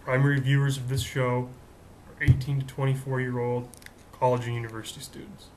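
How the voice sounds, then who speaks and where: A young man in his twenties hosts a comedic monologue, rambling and poking fun at himself. His voice sits in a middle pitch. A faint low rumble hangs in the background. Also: little pitch movement, a little fast, poor audio. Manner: rambling, jokey and self-mocking. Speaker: host.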